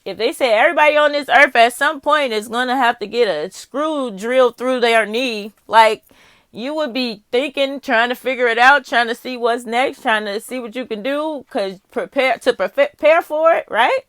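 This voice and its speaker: A woman's voice: a little high, normal speed, a bit bright, no echo. Candid, swearing woman reading tarot. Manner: candid and profane, with frequent laughs; musing aloud, talking straight to the viewer. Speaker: tarot reader.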